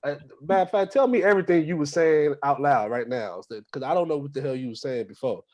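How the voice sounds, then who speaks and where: A man's voice: fairly high pitch, fast, darkish tone. A young man doing a stand-up set at an open mic, talking loosely with plenty of fillers. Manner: loose, conversational delivery with many fillers. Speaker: stand-up comic.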